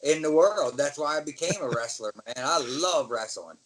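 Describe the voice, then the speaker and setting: Against a crowd in the background, this former pro wrestler, a middle-aged American with a voice on the high side, spins animated stories in a casual interview at normal speed. He performs the quoted voices himself, and the audio is rough.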